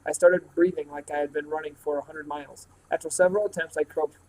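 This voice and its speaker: A man reads a novel aloud, one chapter a day. His voice sits a little high for a man, and he tells the story plainly and steadily, tripping over a word now and then. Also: steady tone, fast talker, poor audio. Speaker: reader.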